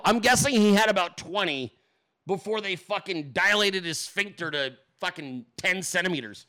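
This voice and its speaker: A man's voice: a little high, pushed and bright. A man hosting a livestream of political commentary, ranting with profane sarcasm and throwing mocking questions at his audience. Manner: asks the audience rhetorical questions. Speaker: political commentator, show host.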